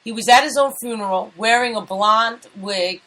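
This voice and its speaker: A woman's voice: on the high side, normal speed, sharp tone, low-quality recording. A woman co-hosting a casual talk show, teasing and playful in her banter. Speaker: show co-host.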